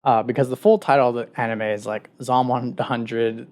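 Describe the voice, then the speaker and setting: This podcast co-host's mid-range voice is steady and darkish, moving at a moderate pace. He rambles through a story in a casual conversation, with lots of filler.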